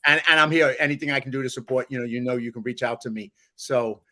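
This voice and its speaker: A man's voice: medium pitch, fast talker, bright, forceful tone. A man from New York hosting a podcast in casual conversation, telling anecdotes with frequent laughs. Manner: upbeat, laughs often, tells anecdotes. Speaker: podcast host.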